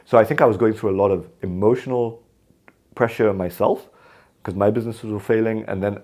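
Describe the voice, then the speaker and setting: A man's voice: lowish voice, fairly quick. A man from Kenya, a podcast guest, telling stories in a conversational interview and acting out the dialogue in them. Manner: animated, acts out quoted dialogue in his stories.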